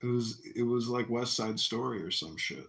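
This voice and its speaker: A man hosting a casual livestream chat, telling rambling stories and loudly acting out what people said. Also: medium pitch, moderate pace, creaky. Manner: rambling storyteller, acts out quotes loudly. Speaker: livestream host. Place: apartment. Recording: echoey room.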